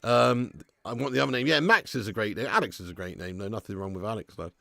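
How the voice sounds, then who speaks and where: A man's voice: lowish voice, fast talker, creaky, sharp tone, no room sound, studio quality. Laughing man reading live chat. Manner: swears freely, laughs often, reads chat aloud. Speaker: football watch-along streamer. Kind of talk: casual live-stream chat.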